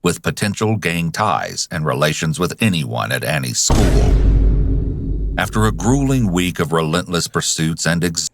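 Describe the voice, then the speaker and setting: A man narrating a true crime documentary in a measured, dramatic way. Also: deep voice, lively intonation, very noisy.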